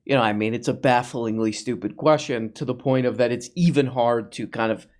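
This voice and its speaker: Brief: male reaction host, sarcastic and mocking, mid pitch, fake amazement. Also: steady tone, brisk, a little mellow. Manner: mocking, mock-awed asides. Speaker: commentary host.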